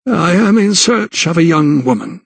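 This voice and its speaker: A man's voice: on the high side, lively intonation, moderate pace, gravelly, husky, no echo, voice pushed up, heavily acted. A man playing a prim, supercilious little notary. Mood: prim, stiff. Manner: prim, indignant, stiff.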